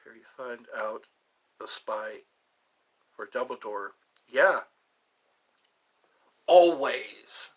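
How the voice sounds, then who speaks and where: A man's voice: fairly low pitch, slow pace, long pauses, pushed and bright, husky, low-quality recording. A man hosting a live stream, rambling casually and answering viewers' comments.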